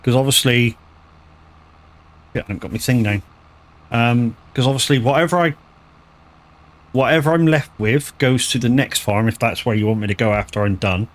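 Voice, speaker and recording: A man chatting casually on a live gaming stream, rambling, stumbling over words and swearing freely. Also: mid-range voice. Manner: rambling, swears freely, lots of restarts and stammers.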